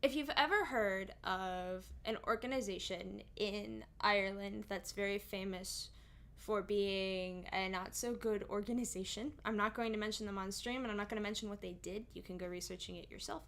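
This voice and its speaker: A woman's voice: medium pitch, fairly even intonation, normal speed, fairly bright tone. A young woman, a singer and streamer, chatting casually on stream and explaining at length with many asides.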